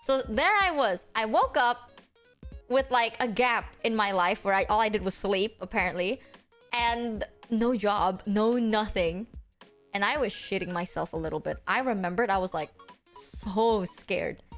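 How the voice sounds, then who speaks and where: A woman's voice: a little slow, soft background music. A young woman streamer telling a story in casual chat, swearing freely and acting out each quote. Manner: animated, acts out quotes with big pitch jumps.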